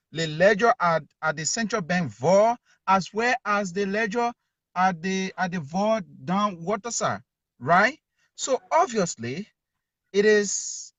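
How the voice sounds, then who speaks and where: Emphatic higher-voiced Liberian journalist. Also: male voice, fairly bright tone, no room sound. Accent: Liberian English. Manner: emphatic, repeats key words. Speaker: journalist calling in. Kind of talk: call-in talk show.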